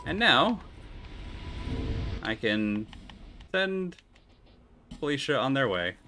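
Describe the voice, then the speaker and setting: A man doing live commentary while playing a video game, excitable, swearing and talking to himself. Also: medium pitch, slow, slight background noise.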